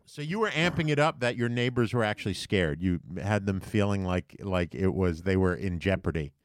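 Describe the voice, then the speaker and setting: A man's voice: sits low, expressive, normal speed, no echo. Wry man in casual chat. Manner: wry, teasing remarks.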